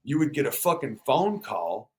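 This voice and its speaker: A man's voice: mid-range voice, moderate pace. A man, telling stories in a casual interview, swearing freely and acting out the voices of people he quotes. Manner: profane, animated, acts out quoted voices. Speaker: guest musician.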